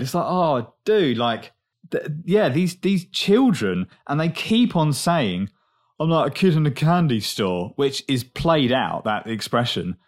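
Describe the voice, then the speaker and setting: A man's voice: mid-range voice, normal speed. Guy from northern ireland ranting on a podcast, voice swings up and down a lot. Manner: animated, exasperated ranting. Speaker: podcast co-host. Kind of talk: casual recap chat.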